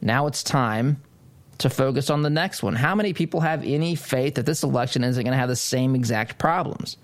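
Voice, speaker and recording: Male talk radio host, emphatic monologue, mid pitch, mocking asides. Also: brisk. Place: studio.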